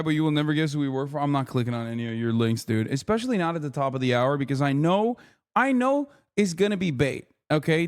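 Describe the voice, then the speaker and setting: A man's voice: on the high side, clear, resonant tone. A man hosting a livestream, ranting profanely at his chat while commenting on the news. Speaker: streamer host.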